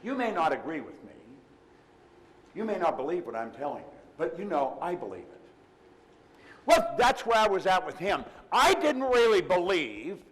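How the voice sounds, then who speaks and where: Emphatic older man in a reverberant hall. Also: fairly high pitch. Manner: emphatic, storytelling with retold dialogue. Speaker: motivational seminar speaker. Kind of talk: live motivational seminar talk. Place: large room before a live audience.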